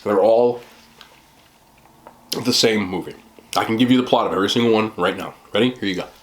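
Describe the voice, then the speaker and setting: A man's voice: on the low side, a little fast, rough recording. A man hosting an eating video, chatting casually and rambling with many fillers and mocking asides. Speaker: mukbang host. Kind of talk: casual chat to camera.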